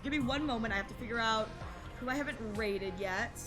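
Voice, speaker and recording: A woman's voice: on the high side, brisk, music in the background. A woman streamer chatting casually on a live game stream, gushing and emotional and often repeating herself.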